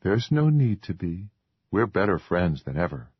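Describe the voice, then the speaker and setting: A man voicing a calm, firm young woman who speaks steadily and patiently in an audiobook. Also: low voice, moderate pace, breathy edge, no room sound, exaggerated voice. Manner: steady, patient, scolding gently. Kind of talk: audiobook character voice. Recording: dull lo-fi dry recording.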